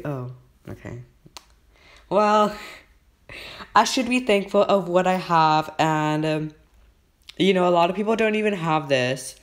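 Male gaming host, casual commentary, unhurried delivery, nervous excitable energy. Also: fairly high pitch. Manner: excitable, keeps saying how nervous and shaky he is.

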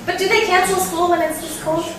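A woman's voice: very high voice, steady tone, brisk, a bit bright, a little hiss or hum. A young woman from North Dakota giving a casual talk to an audience, chatty, often asking questions and laughing. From North Dakota, USA. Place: lecture room with audience. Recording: echoey hall, mic at a distance.

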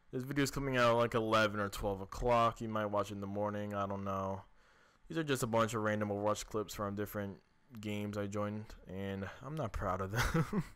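A man giving a quiet, casual intro to his game-clip video. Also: on the low side, clear, resonant tone. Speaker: gaming YouTuber. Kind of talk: casual game-chat voice commentary.

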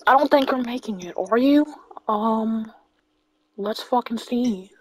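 A woman gamer chatting live while playing with a friend, swearing and yelling at other players. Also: fairly high pitch, measured pace, a little hiss or hum. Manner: profane, excitable, shouts and swears at other players.

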